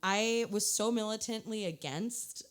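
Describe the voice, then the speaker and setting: A young woman from New York, a guest on a casual radio chat in a studio, talking in an animated way with quick asides and laughs. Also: medium pitch.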